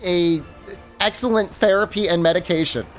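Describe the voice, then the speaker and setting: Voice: medium pitch, fairly quick, soft background music. A game streamer chatting casually while playing, rambling with many fillers and restarts and laughing at their own stories. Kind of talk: casual livestream chat while gaming.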